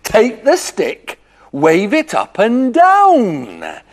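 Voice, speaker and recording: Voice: medium pitch, huge pitch swings, extremely slow, exaggerated voice. A presenter playing a bored, simple man who bungles a magic spell in a children's story, sing-song and theatrical. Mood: eager.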